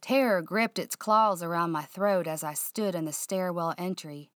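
A woman narrating a first-person mystery audiobook in a hushed, suspenseful, drawling way. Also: fairly low pitch, normal speed, no room sound, clean studio sound.

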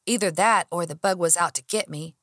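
A woman narrating a first-person audiobook, her voice sitting a little low for a woman. She is expressive and acts out her own heated lines with feeling, recorded close and dry with no room sound. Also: a little fast, no echo.

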